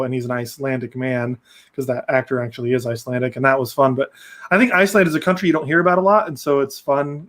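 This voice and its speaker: A man's voice: mid-range voice, a bit bright. A young man hosting a casual movie review podcast, rambling with frequent restarts. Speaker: podcast host.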